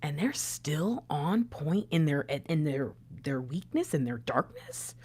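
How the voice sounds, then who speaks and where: A woman hosting a casual spiritual talk for her viewers, chatty and animated, dropping to soft whispers and rising to loud outbursts. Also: low-pitched, a little slow, hardly any pauses, breathy edge. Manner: chatty, frequent fillers and asides. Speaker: spiritual channel host.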